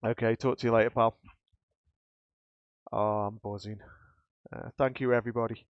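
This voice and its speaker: A man's voice: mid-range voice, little pitch movement, moderate pace, no echo. A man live-streaming a game, chatting casually and emotionally with his viewers, rambling and restarting as he thanks them. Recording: dull lo-fi stream audio with faint music.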